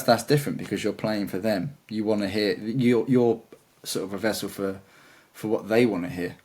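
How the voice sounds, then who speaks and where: A man's voice: lowish voice, a little fast, few pauses, darkish tone, husky. A man chatting as a guitarist guest in an interview, talking in a rambling, enthusiastic way. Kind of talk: casual interview chat.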